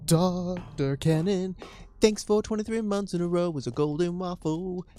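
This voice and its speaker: A streamer co-hosting a live game reaction, playful and excitable, reading out viewer messages. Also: mid-range voice, brisk, faint music behind.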